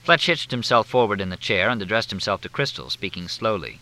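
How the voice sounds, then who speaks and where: A man narrating a novel in a crisp, lively reading. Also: lowish voice, a little fast, few pauses, rough recording. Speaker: audiobook narrator. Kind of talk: scripted narration.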